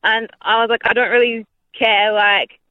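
A woman's voice: on the high side, flat delivery, normal speed, no echo, narrow, tinny audio. A woman calling into a radio show and telling her story in a chatty way, full of "like". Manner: chatty, lots of "like". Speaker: caller. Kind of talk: casual phone-in chat.

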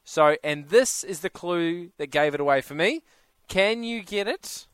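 A man's voice: sits high, lively intonation, measured pace, fairly bright tone, clear, resonant tone, no echo. A man hosting a radio show, running a music quiz in a playful, teasing way. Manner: playful, teasing game presenter. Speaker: radio host. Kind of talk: casual radio banter. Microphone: studio microphone.

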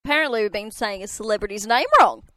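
A middle-aged woman co-hosting a casual radio show, chatty and animated as she tells stories. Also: medium pitch, fast, dry recording, faint music behind. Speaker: radio co-host.

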